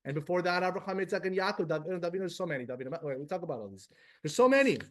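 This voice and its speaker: A man's voice: sits high, rapid-fire. A man teaching a religious class to a live and online group, casual and emotional, talking straight to his students. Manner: animated, emotional, addresses class directly. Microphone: live class also streamed to video call.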